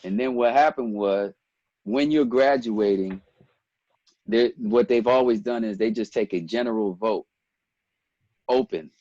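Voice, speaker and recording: A man in his forties from Ethiopia, a guest telling stories in a relaxed interview, animated and quick to quote others. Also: fairly low pitch, no echo, lo-fi sound. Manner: animated storyteller, breaks into quoted voices and laughs. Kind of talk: casual storytelling interview.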